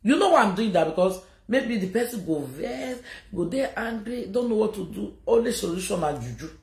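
A woman's voice: medium pitch, animated, fairly quick, creaky, darkish tone, echoey room. A Nigerian woman giving an emotional live video message, scolding and repeating her warnings. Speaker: social media personality.

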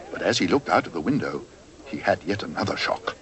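A man narrating a cartoon storybook in a gentle, expressive way. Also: low voice, a little fast.

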